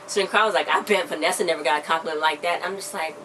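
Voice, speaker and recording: A young woman recapping a TV episode in a casual, excitable, slangy way, often acting out the characters' lines. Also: on the low side, quick pace, few pauses. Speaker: vlogger reviewing a TV episode. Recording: a bit distant from the mic, faint background noise.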